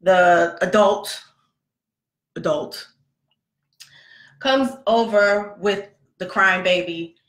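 Speaking very slowly and pausing often, the podcast host recounts a long story about her son in a conversational, animated way, voicing the dialogue herself. Her pitch is medium, and there's a roomy echo around her.

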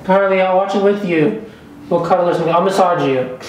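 A man's voice: high voice, brisk, heavy reverb, lo-fi sound, a little hiss or hum. A man filming a casual prank vlog who talks in a teasing, repetitive way and keeps pleading with his girlfriend. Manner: pleading and teasing, repeats himself. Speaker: prank vlogger.

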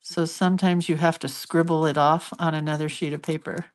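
A chatty, giggly older woman with a slightly low voice, talking easily to her viewers while she draws. She tells little family stories and drifts into asides. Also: little pitch movement, fairly quick, darkish tone. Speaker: hand-lettering artist hosting a live stream. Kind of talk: casual live-stream chat while drawing.

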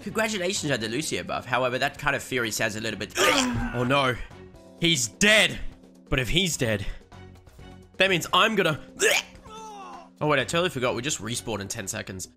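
A young man giving joking, excitable gameplay commentary with sudden shouts. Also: mid-range voice, normal speed. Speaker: gaming streamer. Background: background music.

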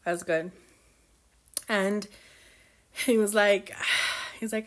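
A woman's voice: mid-range voice, fairly even intonation, drawn-out words, pauses often. A young woman chatting casually as she recaps a novel for her book club, gushing and acting out characters' lines.

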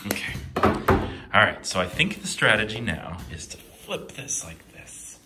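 A man's voice: lowish voice, big pitch swings, unhurried, loud music behind the voice. A young man reviewing a product while struggling to open it, grunting, muttering and dropping to whispers, strained and short of breath. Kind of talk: comedic unboxing vlog.

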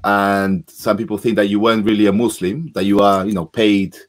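A man's voice: lowish voice, level tone, brisk, soft background music. A man hosting a live-stream interview, polite and encouraging.

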